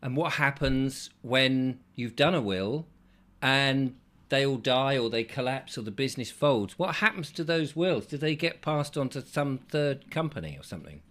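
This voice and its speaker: A man's voice: mid-range voice, animated, moderate pace, fairly bright tone. Middle-aged english guy hosting a chat, lots of ums, rambles a bit. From England. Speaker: host. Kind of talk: casual chat.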